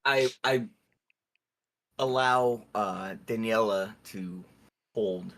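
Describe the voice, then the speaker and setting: A man's voice: on the low side, extremely slow, a bit bright. A man taking his turn in a tabletop game, describing his character's actions in first person with hesitant restarts. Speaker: player. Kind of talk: tabletop game role-play.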